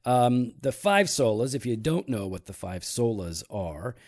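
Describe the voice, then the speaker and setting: Man explaining with a lively voice. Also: mid-range voice. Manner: teasing, then measured explaining with many fillers. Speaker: podcast host. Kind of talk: casual teaching talk about church history.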